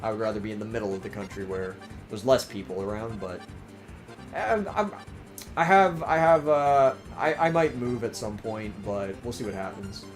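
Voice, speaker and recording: A man's voice: lowish voice, normal speed, over music. A young man with a mixed Maryland, Southern and New York-New Jersey accent, casually chatting on a livestream and reading viewer comments. He rambles with lots of restarts and fillers, his voice a little strained. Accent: mix of Maryland, Southern and New York-New Jersey. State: voice starting to strain. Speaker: livestream host.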